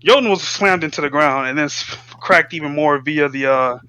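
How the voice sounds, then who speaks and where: A man playing a tabletop role-playing game in casual chat, excitable and swearing freely, slipping into his character's lines. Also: fairly high pitch, normal speed, clean tone, dry recording, rough recording. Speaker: player.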